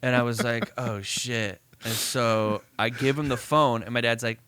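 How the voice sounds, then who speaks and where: A man's voice: mid-range voice, a little slow, a little hiss or hum. A man co-hosting a podcast, telling a story in casual chat, swearing and acting out the voices of people in it. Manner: animated, swearing, acts out voices in his story. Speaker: podcast co-host.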